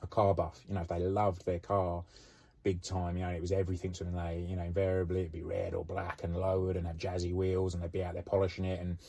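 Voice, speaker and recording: Low husky man telling stories. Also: monotone, fast talker, dark tone. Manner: chatty, frequent "you know" and "um". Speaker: former police officer telling stories. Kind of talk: casual anecdotal storytelling.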